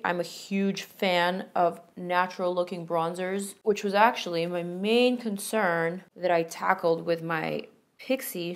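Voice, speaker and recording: A young beauty vlogger with a lowish voice chats enthusiastically while doing a makeup tutorial and reviewing products, tossing in playful asides.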